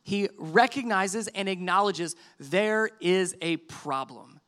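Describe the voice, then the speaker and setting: Bright, high-voiced preaching man. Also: takes it slowly. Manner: conversational, animated preaching with quoted dialogue. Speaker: pastor. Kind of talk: sermon.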